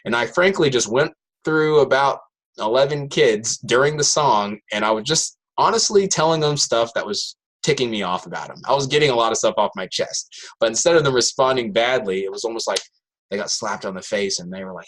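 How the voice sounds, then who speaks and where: A man, a high school math teacher, telling a classroom story to an audience and acting out his students' voices. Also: a little fast. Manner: animated, acts out students' voices in quotes.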